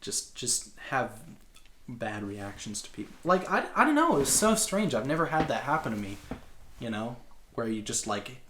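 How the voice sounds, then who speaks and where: Background noise sits behind this very animated male co-host, whose mid-range voice moves at a moderate pace. He tells casual podcast stories that ramble, full of "like" and false starts.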